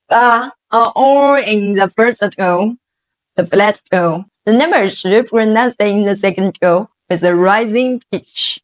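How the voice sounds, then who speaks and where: Slow, patient teacher, woman. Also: mid-range voice, no echo. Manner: slow, patient, with deliberate drilled pronunciation. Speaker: Chinese language teacher. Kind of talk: slow language lesson for learners.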